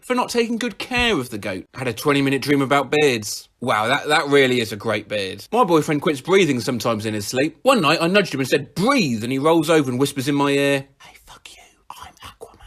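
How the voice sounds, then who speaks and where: A man hosting a comedy show, reading out odd quotes and playing a guessing game, swinging between loud outbursts and dry mumbled asides. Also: fairly high pitch. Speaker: comedy podcast host. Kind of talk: comic sketch and reading out funny quotes.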